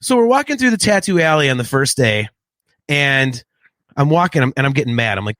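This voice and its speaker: A man in his late forties co-hosts a casual podcast and tells stories with animated energy, laughing often. His voice sits at a middle pitch. The close, dry recording has no room sound. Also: brisk, no echo. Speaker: podcast co-host. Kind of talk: casual chat.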